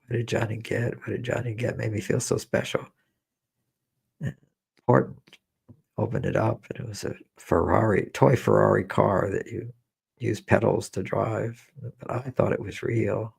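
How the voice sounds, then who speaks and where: A man leading a guided meditation, speaking slowly and repetitively as he coaxes listeners through feelings and shares his own memories. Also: lowish voice, creaky, breathy edge. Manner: slow, repetitive, gently coaxing with personal memories. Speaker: meditation teacher.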